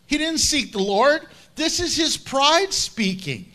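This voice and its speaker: A male pastor preaching a sermon in a folksy, conversational and animated way. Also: very high-pitched, takes it slowly.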